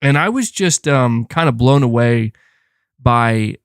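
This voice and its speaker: A man hosting a casual gaming live stream, reading and answering super chats in a chatty, animated way with frequent fillers. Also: medium pitch, takes it slowly, clean tone, no room sound, clean studio sound. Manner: chatty and animated, thanks donors, frequent fillers and self-corrections. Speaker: gaming channel host.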